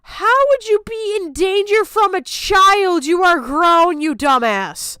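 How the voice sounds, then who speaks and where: High-voiced mocking woman streamer. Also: slow, no echo. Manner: mocking, loud, bursts of laughter. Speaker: streamer reacting to a video. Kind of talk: casual live-stream commentary.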